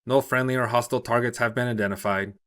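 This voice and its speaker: A man's voice: medium pitch, fairly even intonation, fast talker, a bit bright, lightly acted. A man reading a short story, voicing a mech's robotic computer voice with clipped alert announcements. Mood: alarm announcements.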